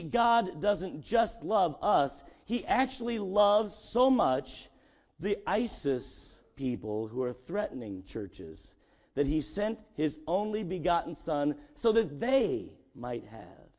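A man preaching a sermon in a church, swinging from loud, excited lines to hushed, drawn-out ones. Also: fairly high pitch. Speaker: pastor. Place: church sanctuary.

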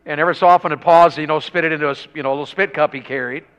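A man preaching a revival sermon in a church, telling folksy country stories and rising to shouts. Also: a little high, fairly even intonation, rapid-fire, clear, resonant tone, lo-fi sound. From rural Tennessee.

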